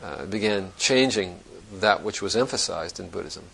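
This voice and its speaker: Low gravelly-voiced man giving a dharma talk. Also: lively intonation, normal speed, fairly bright tone, poor audio. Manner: reflective, searching, conversational with restarts. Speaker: Zen teacher.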